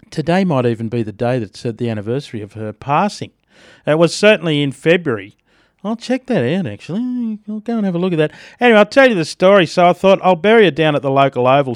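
An Australian man hosting breakfast radio, telling stories in a jokey, animated way with frequent laughs. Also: fairly high pitch, no echo, studio quality. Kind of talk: casual radio chat and storytelling.

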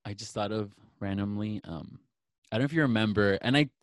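A man's voice: on the low side, a little fast, no echo. Gossipy young man, dry close sound. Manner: gossipy, dramatic quoting with lots of "like". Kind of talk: casual chat reminiscing.

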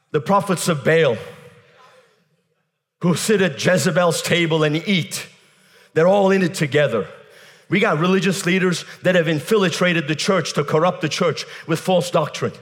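A man preaching a fiery sermon, shouting, breaking into tongues and mocking laughter. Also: sits high. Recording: long hall reverb.

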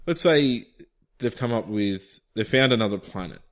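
A man's voice: on the low side, animated, moderate pace. A man co-hosting a podcast, posing hypothetical scenarios in casual, playful banter and laughing often. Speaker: podcast co-host.

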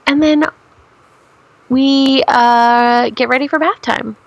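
High, gravelly young woman rambling. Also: fairly even intonation, takes it slowly, dry recording, dull audio. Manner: rambling, profane storytelling with many restarts. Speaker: podcast co-host. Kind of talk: casual chat.

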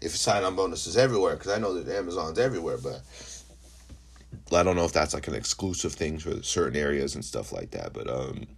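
Deep-voiced rambling podcast host. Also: male voice, animated, brisk, gravelly, husky. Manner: rambling and profane, full of fillers. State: high. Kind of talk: casual solo podcast monologue.

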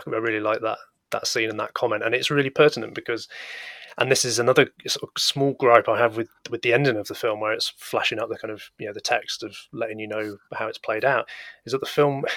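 A man talks through a film with earnest, reflective care, often restarting his sentences. His voice has a gravelly rasp, and the recording is dry and close. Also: medium pitch, a bit bright, dry recording. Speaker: podcast host. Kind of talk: casual film review chat.

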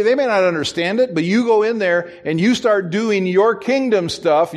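High-voiced man preaching a sermon. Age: middle-aged. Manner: storytelling, acts out quoted voices, chuckles at himself. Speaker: pastor.

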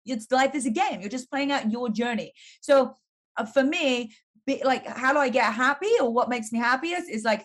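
An English woman, a fitness entrepreneur, answering interview questions in an upbeat, casual way, leaning heavily on "like". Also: sits high. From England. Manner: upbeat, heavy use of "like".

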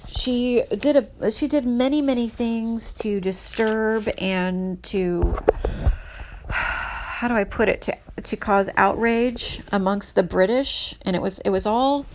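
A woman narrating history from her notes in a casual, earnest way, emphatic and halting with many restarts. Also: on the high side, noisy background.

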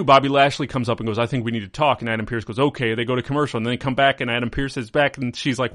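A man's voice: mid-range voice, fairly even intonation, fast talker, a bit bright, dry recording, clean studio sound. A man hosting a casual wrestling podcast, rambling through a recap and acting out quotes in mocking voices. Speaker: podcast host.

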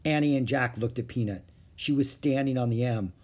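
A man reading a children's chapter book aloud, with expressive narration. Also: medium pitch, brisk. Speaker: storyteller.

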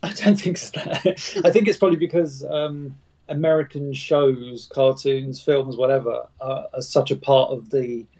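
A man's voice: medium pitch, fairly even intonation, measured pace, warm tone, highs cut off. A man chatting casually as a podcast guest, laughing easily. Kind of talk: casual chat.

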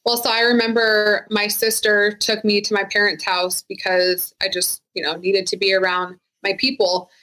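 A woman's voice: mid-range voice, completely flat delivery, normal speed, hardly any pauses, sharp tone, poor audio. A woman who is a retired sheriff's deputy, speaking frankly and casually as a guest in an interview, with many "like" fillers. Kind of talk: candid interview conversation.

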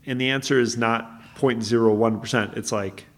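Steady in tone and moderate in pace, a mid-range male voice belongs to a podcast co-host. He rambles casually through stories and keeps stopping to correct himself.

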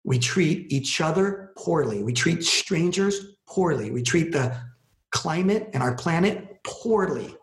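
A man's voice: fairly high pitch, takes it slowly. A man from Los Angeles, a podcast guest, telling a story in a conversational way and acting out what people said. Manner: animated storyteller, acts out quoted speech. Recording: echoey room.

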